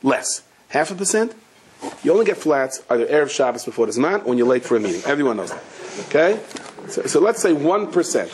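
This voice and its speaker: Very animated and fairly quick, a rabbi with a somewhat high voice delivers a storytelling sermon over slight background noise. He keeps it casual and humorous, asking his listeners questions and supplying the answers.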